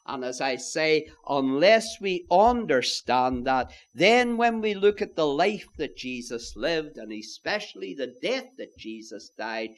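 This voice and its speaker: A man preaching a sermon, emphatic and earnest, often turning to his listeners as "my friends" and posing rhetorical questions. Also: medium pitch.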